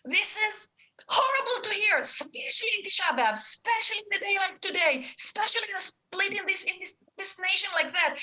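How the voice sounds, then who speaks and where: A middle-aged Israeli woman with an Israeli accent debates in a raised, high-pitched voice with a bright, sharp edge. She is indignant and impassioned, her words tumbling and stammering as she presses her point. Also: lively intonation, a little fast, poor audio. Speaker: guest. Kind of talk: heated debate.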